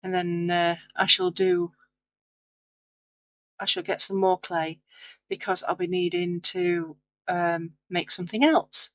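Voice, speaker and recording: A tired woman who hosts craft videos narrates her clay work late at night in a rambling, chatty, self-deprecating voice-over. Her voice is lowish with little pitch movement, slow with long pauses, recorded with no room sound at low quality.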